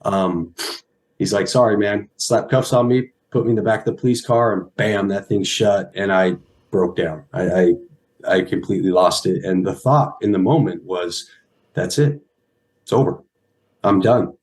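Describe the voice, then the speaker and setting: A man in his thirties speaks as an interview guest, his voice on the low side. He tells his story earnestly, stopping and restarting, and sounds near tears. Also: normal speed. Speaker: guest, former pro football player. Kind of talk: emotional personal story.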